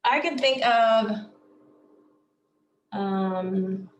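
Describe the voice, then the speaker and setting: Slow, patient woman teaching phonics. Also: mid-range voice, muffled recording. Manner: slow, patient, sounding out words. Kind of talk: phonics lesson for children.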